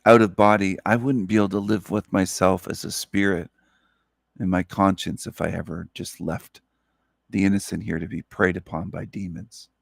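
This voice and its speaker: Sleepy man hosting a solo spiritual talk, low gravelly voice, dry close sound, slow earnest delivery. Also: steady tone, no room sound. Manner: slow, earnest, repetitive phrasing. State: sleepy, up all night. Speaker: channel host.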